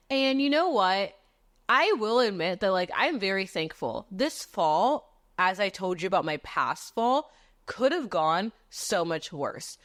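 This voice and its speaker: Young podcast host, expressive storyteller who swears freely, recorded dry and close. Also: female voice, fairly low pitch, dry recording. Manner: animated, dramatic, swears freely, acts out quotes. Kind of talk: casual storytelling monologue.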